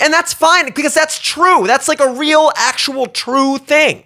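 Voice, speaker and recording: A man from the Baltimore area hosting a show, delivering an animated, profane, rambling comedic rant. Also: extremely high pitch, a little slow, few pauses. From Baltimore area, USA. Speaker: show host.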